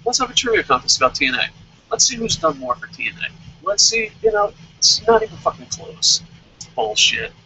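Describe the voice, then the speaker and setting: Profane ranting young man, lively pitch. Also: a little fast, slight background noise, poor audio. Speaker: wrestling show reviewer. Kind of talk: angry rant in casual chat.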